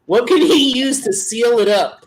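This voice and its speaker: Live stream host, male, high voice, loose and chatty, greets viewers. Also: lively intonation, a little slow, slight background noise. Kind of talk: casual live stream chat.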